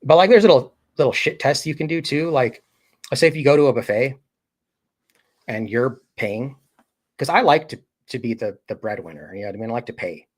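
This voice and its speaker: A man's voice: mid-range voice, expressive, brisk. Rambling man chatting on a live stream. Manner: rambling, filler-heavy, acts out quoted voices. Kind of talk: casual live-stream chat.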